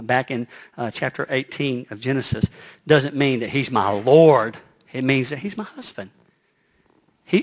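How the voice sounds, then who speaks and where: A male pastor preaching a sermon, animated, often dropping to a soft hush on key phrases and repeating words as he builds a point. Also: mid-range voice. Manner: lively preaching, acts out quoted voices.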